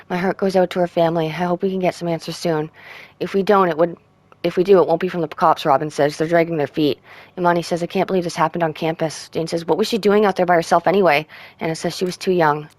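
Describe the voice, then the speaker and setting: A woman streamer reading out in-game text messages in a soft, subdued way. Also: lowish voice, no echo. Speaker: gaming streamer. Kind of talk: reading game texts aloud.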